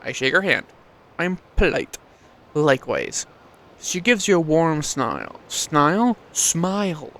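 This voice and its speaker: A man playing through a story game who reads the text aloud in a fairly high voice and throws in casual, self-mocking remarks. His commentary is loose and unpolished, with the odd swear word. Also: wildly swooping pitch, unhurried, creaky, pauses often, fairly bright tone, a little hiss or hum. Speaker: let's play gamer.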